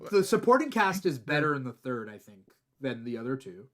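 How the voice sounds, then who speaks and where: Dry-toned man in casual podcast chat, brief interjections, mid pitch. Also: big pitch swings, fairly quick, fairly bright tone. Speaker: podcast participant.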